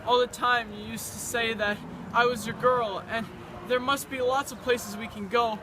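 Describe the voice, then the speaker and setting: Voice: medium pitch, fairly even intonation, normal speed, close to an everyday voice. A performer playing a nervous young bride who stammers and pleads in an amateur stage play. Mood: pleading. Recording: noisy with traffic behind.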